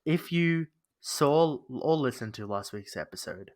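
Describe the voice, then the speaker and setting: A man co-hosting a comedy podcast, throwing in quick jokes and banter. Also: mid-range voice, lively intonation, darkish tone. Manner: quick joking interjections. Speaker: podcast co-host.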